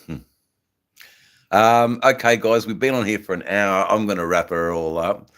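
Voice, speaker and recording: A man's voice: on the low side, steady tone, normal speed, a bit bright. An Australian man hosting a casual live stream, rambling with lots of fillers and slang while smoking. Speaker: livestream host.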